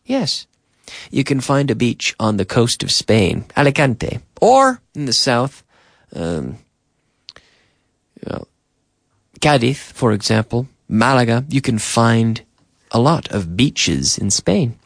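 A man teaching an English lesson on the radio, drilling phrases slowly and repeating them, with short glosses added in between. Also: medium pitch, big pitch swings, creaky, no room sound, studio quality. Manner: slow, repetitive drilling with Spanish glosses. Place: radio studio.

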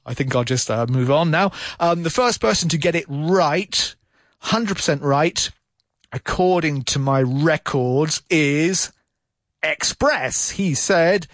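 A man hosting a radio English lesson, patiently repeating phrases slowly to demonstrate pronunciation. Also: a little high, fairly bright tone, no echo. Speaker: English teacher and show host.

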